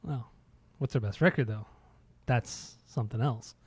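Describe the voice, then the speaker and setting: A man's voice: mid-range voice, a little slow, slightly rough, no room sound. A man co-hosting a casual music podcast, laid-back and swearing, laughing often. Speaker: podcast co-host.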